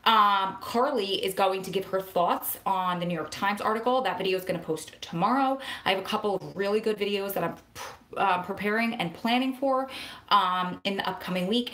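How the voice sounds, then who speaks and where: Speaking at a medium pitch, a New Jersey woman who vlogs and advocates for prison wives talks fast and excitably, drifting from point to point in a casual live-stream chat. The audio carries the echo of the room.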